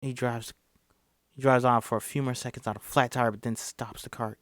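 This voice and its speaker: A man's voice: medium pitch, steady tone, normal speed, a bit bright, no echo, studio quality. Stumbling man reading a script aloud. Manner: stumbling, self-correcting, apologetic. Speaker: script reader.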